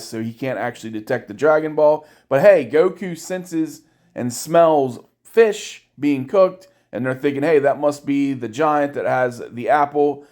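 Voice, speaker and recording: A man giving a casual, irreverent episode recap, with crude jokes and quick voiced asides for the characters. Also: mid-range voice. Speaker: anime reviewer.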